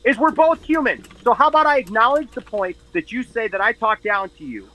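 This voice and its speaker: A man's voice: extremely high pitch, animated, brisk, sharp tone. A man co-hosting a live stream, arguing emphatically and repeating himself as he pleads his point in a heated debate. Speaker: stream co-host.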